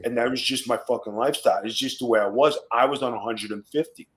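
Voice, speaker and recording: Man, fifties, former wrestler, podcast guest, blunt, profane, swaggering, middle pitch. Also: quick pace, fairly bright tone, poor audio. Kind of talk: casual podcast storytelling.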